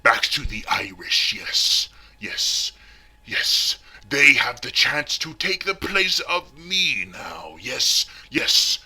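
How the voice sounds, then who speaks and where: A man's voice: medium pitch, very animated, husky, heavily acted. Man playing a pompous heavyset villain vlogger. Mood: theatrical. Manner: theatrical, drawn-out, swinging between hushed whispers and shouts. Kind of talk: parody character vlog.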